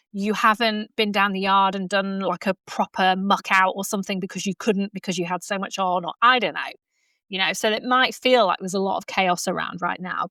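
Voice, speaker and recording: A woman's voice: medium pitch, fairly bright tone, no echo. A woman hosting her own coaching podcast from home, talking casually with many fillers and frequent laughs. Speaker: podcast host and horsemanship coach. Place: at home in front of a laptop. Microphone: laptop podcast mic.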